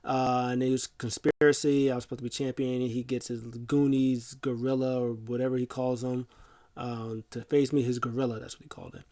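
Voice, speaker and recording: A man's voice: mid-range voice, flat delivery, brisk, dark tone. A man hosting a casual wrestling recap, retelling events in a rambling, chatty way. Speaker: host.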